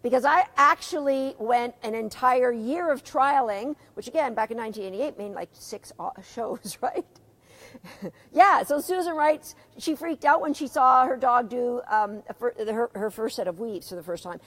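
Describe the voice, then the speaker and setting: A woman's voice: on the high side, expressive, moderate pace, a bit bright. A middle-aged woman teaching a live dog agility seminar, chatty, asking her students questions and reading out their comments.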